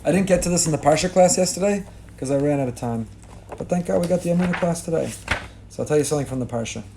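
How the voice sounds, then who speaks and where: A middle-aged rabbi giving a sermon with rising emphasis, mixing in Hebrew and Yiddish religious terms. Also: male voice, fairly high pitch, quick pace, gravelly, mellow, slight background noise. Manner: impassioned, rising emphasis on key lines.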